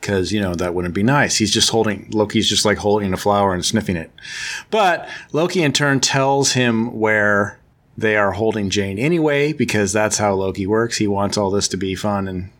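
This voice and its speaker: On his podcast, a man with a lowish, fairly bright voice and normal pace rambles casually through a recap of a comic book storyline. He leans on fillers and keeps correcting himself in this easygoing chat.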